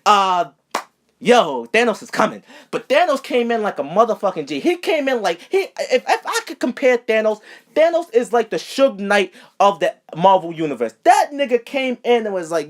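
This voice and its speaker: A man hosting a casual movie review show, talking animatedly and profanely and acting out characters in quick asides. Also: high voice, big pitch swings.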